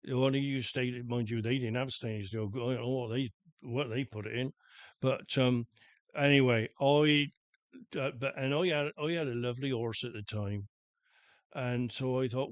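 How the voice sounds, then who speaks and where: Older Wiltshire man, halting rambler. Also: medium pitch, fairly even intonation, no room sound, dull audio. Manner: halting, repeats words, dialect grammar. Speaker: podcast guest, grandfather. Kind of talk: rambling anecdotal chat.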